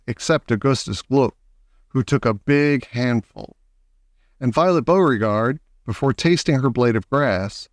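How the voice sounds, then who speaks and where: A man reading a children's story aloud in a lively, expressive way. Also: mid-range voice, no room sound, clean studio sound. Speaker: audiobook reader.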